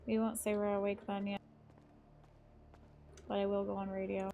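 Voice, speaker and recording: A woman's voice: mid-range voice, level tone, normal speed, creaky, warm tone, a little hiss or hum. A woman streamer chatting casually on a live stream, swearing freely as she plays.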